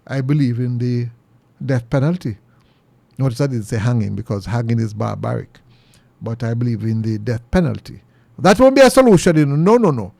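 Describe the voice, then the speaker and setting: A middle-aged Jamaican man delivers an earnest, preachy opinion monologue in a gravelly voice. He sits at an ordinary middle pitch but leaps much higher whenever he hammers a point home. The sound is dry and close. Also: fairly quick, darkish tone, no echo. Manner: earnest and preachy, pitch jumps high for emphasis. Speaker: commentary show host.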